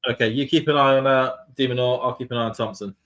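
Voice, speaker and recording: A man's voice: medium pitch, fairly even intonation, quick pace, a bit bright. A British man co-hosting a casual tennis watchalong, chatting loosely with plenty of fillers. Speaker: podcast co-host. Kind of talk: casual live watchalong chat.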